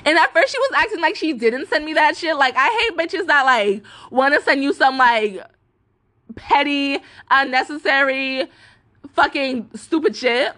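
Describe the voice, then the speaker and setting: Young woman ranting on her podcast, cussing a lot, high bright voice. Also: animated, a little slow. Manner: cussing, heavy filler "like", quotes others in put-on voices. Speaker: podcast host. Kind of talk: casual rant.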